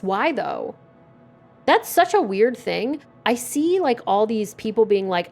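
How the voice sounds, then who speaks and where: Casual streamer, woman, forties, gravelly and foul-mouthed, faint music under. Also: fairly high pitch, sing-song, slow, darkish tone. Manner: profane, wry, reading game text aloud. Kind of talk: casual gameplay commentary.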